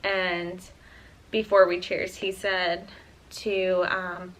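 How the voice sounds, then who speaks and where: A woman's voice: fairly low pitch, level tone, extremely slow, a bit bright, rough recording. A woman in her twenties, a vlogger, telling a personal story in a casual, chatty way, with plenty of "um" and "like". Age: 20s. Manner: chatty, full of "um" and "like".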